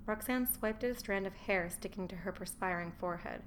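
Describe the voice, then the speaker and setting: A woman reads a historical novel aloud in a steady, measured way. Her voice sits mid-range, and a faint hiss of background noise runs under it. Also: mid-range voice, gravelly. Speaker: audiobook narrator. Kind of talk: scripted narration.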